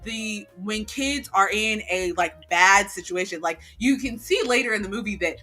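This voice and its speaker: A woman's voice: medium pitch, moderate pace, soft background music. A woman co-hosting a casual chat podcast, retelling a story with lots of fillers and acted-out quotes. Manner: animated storytelling, acting out quotes. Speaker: podcast co-host.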